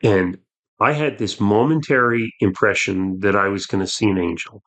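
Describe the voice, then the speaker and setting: A man, a podcast guest earnestly telling a personal story, with halting restarts. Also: lowish voice, a bit bright.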